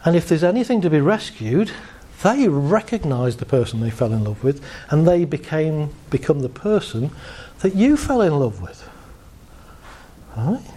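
Man, high voice, very animated pitch, jokey live talk. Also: moderate pace, slightly rough. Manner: animated, jokey, shifts pace and voice for effect. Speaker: speaker. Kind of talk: humorous talk to a live audience.

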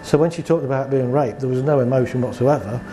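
Speaking fast at medium pitch with a dark tone, this man is a therapist talking informally about what he does. He recounts client stories, acting out both halves of the conversation and leaning on rhetorical questions.

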